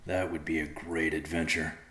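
A cheeky, hungry young bear cub, as a man reads him in a storybook, teasing and casual. The voice sits very low, with an echoey room around it. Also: level tone, moderate pace, fairly bright tone. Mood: playful.

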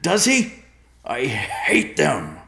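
A man voicing an enraged young male bear, croaking and shouting with rage in a storybook reading. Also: medium pitch, wildly swooping pitch, very slow, reverberant, voice pushed up, exaggerated voice. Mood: raging.

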